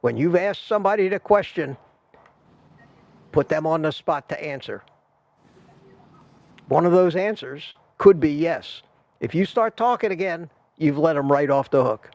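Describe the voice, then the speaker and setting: A man's voice: fairly high pitch, lively intonation, measured pace, long pauses, darkish tone, dry recording. An older man hosting a casual livestream, talking to viewers in a chatty, rambling way with a salesman's patter. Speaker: livestream host. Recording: dull lo-fi stream audio.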